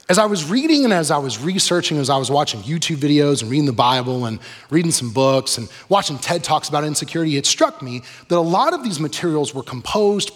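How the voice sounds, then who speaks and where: A man preaching a sermon in a relaxed, conversational way, often asking the audience questions. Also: medium pitch, breathy edge. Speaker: pastor. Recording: long reverb of a large hall.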